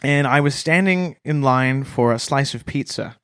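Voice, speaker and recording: A man's voice: mid-range voice, normal speed, fairly bright tone, clean tone, no room sound, clean studio sound. A man co-hosting a comedy podcast, telling absurd made-up stories in a mock-serious, straight-faced way. He is from Toronto. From Toronto, Canada. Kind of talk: deadpan comedic storytelling.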